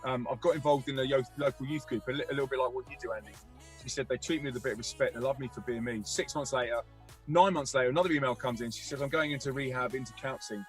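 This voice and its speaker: A man telling a vivid personal story as a guest, energetic, acting out the voices of people he quotes. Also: medium pitch, very fast, soft background music. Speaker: guest musician and youth speaker. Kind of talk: animated storytelling.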